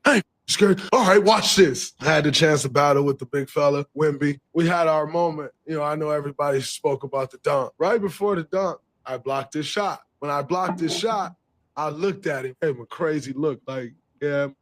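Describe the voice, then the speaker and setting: A man's voice: on the high side, normal speed. Man animatedly retelling a court moment. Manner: animated storytelling with laughs. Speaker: pro basketball player. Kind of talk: recounting a story in an interview.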